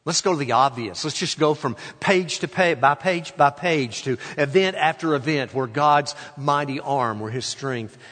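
A pastor preaching a sermon, stressing key words slowly and letting his voice fall away at the end of phrases. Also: a little high, big-room sound. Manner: slow, emphatic phrasing that trails off quietly at line ends.

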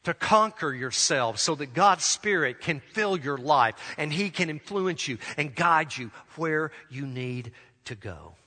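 A pastor delivers an earnest sermon in a bright, forceful voice that sits a little high. He slows down to drive a point home. A long reverb trails his words around a church sanctuary. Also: expressive. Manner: earnest preaching, slows for emphasis.

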